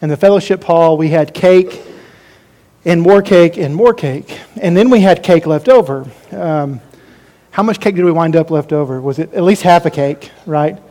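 A man's voice: on the high side, normal speed, warm tone. A man preaching a sermon as pastor, folksy and joking as he talks to his congregation.

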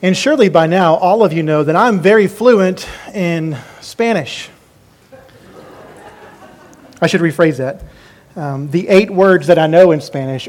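A man's voice: sits high, normal speed, a little mellow. A man preaching a sermon as pastor, folksy and joking as he talks to his congregation.

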